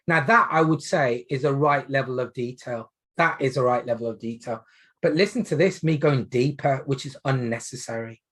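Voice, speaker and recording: A man teaching a medical exam webinar, emphatic and lively, asking the audience rhetorical questions. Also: mid-range voice, moderate pace, breathy edge. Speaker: GP trainer.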